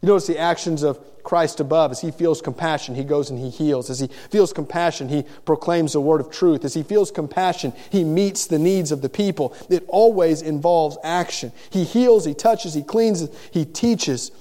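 A man's voice: fairly high pitch, moderate pace, few pauses, warm tone. A middle-aged man preaching a sermon in an earnest way, often repeating the first word of a phrase before going on. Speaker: pastor. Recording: long reverb of a large hall.

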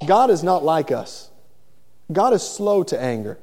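A man's voice: a little high, very animated, a little slow, a little mellow. A middle-aged man preaching a sermon in an earnest way, often repeating the first word of a phrase before going on. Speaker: pastor. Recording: long reverb of a large hall.

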